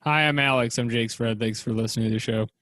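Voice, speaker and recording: A man's voice: medium pitch, fairly even intonation, quick pace, a bit bright, no echo. A man co-hosting a casual podcast, chiming in with dry jokes. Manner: dry joking interjections. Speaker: podcast co-host. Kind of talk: casual chat.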